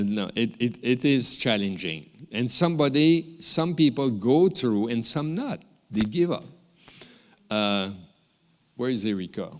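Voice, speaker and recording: A man with a French accent giving a rambling, unscripted graduation speech, with many restarts and small chuckles. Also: fairly low pitch. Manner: rambling, warm asides, frequent restarts and chuckles. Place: large ceremony hall. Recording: long hall reverb from the ceremony room.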